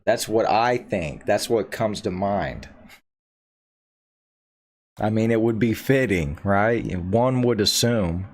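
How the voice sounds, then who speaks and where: Slow, wry man reacting to a video. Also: fairly low pitch. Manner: slow, wry, joking asides. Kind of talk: casual reaction commentary.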